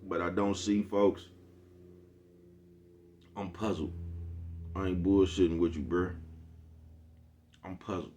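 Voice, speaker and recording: Talking slowly with frequent pauses, this middle-aged vlogger uses relaxed street slang and keeps checking in with his audience. His low voice is fairly even and a little mellow, with slight hiss or hum in the recording.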